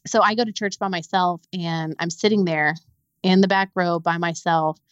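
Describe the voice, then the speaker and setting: A young adult woman, a podcast guest, telling a painful personal story in a halting way, repeating words when it gets hard. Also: on the low side, fairly even intonation, clean tone, no echo, lo-fi sound.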